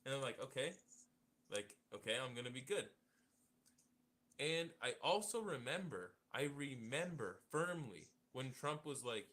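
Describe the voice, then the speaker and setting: A man's voice: mid-range voice, very animated, unhurried, a bit bright, a little hiss or hum. A man hosting an online debate, talking in a rambling, emphatic way, swearing now and then. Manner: rambling, emphatic, swears, mocks others in put-on quotes. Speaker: debate host. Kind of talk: heated casual debate talk.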